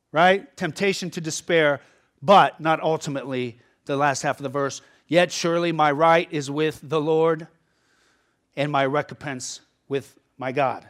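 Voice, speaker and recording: A man delivers a sermon from the pulpit in a high-pitched voice. He moves between hushed, reflective asides and sudden loud bursts of emphasis, often pausing to ask "right?" as he works through his points. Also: fairly even intonation. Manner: preaching with sudden surges and drops in volume; tags points with a questioning "right?". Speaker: pastor.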